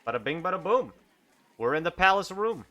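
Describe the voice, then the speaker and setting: A man's voice: high-pitched, big pitch swings, a little fast, bright, forceful tone, dull audio. A man narrating a solo tabletop game on stream, thinking aloud and chatting in a self-amused way. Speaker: solo game master and player.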